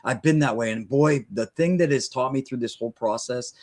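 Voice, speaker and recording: A man's voice: mid-range voice, brisk, a little mellow. A man with a mid-range voice hosts a live stream. He talks in a heartfelt way and keeps stumbling and restarting his phrases. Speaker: host.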